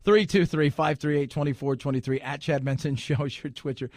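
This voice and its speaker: A man hosting a talk radio show, riffing in a jokey, animated way and laughing loudly. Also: on the high side, a little fast, dry recording, clean studio sound. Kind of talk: casual talk radio banter.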